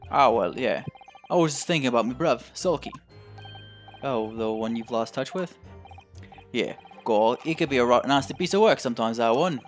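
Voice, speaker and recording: A man voicing a surly Cockney thief brother with a gruff, slangy manner, in a game playthrough. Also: mid-range voice, expressive, moderate pace, soft background music, close to an everyday voice. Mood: grumbling.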